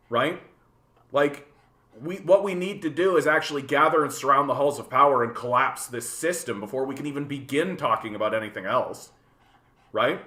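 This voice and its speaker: A man hosting a casual livestream, ranting in an animated, profane way, often repeating words as he thinks and answering chat. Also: mid-range voice, reverberant. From Canada. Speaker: livestream host reading chat.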